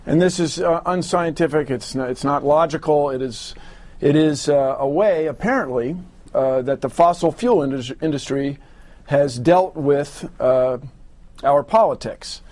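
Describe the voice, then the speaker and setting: A man's voice: a little high, measured pace, darkish tone. A man making his case in a televised debate and interview, emphatic and earnest, building long explanations. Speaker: science communicator in debates.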